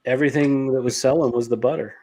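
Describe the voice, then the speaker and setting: A man's voice: mid-range voice, fairly even intonation, fast talker, warm tone. A man who owns a beard care company, talking casually as a podcast guest and laughing between his thoughts.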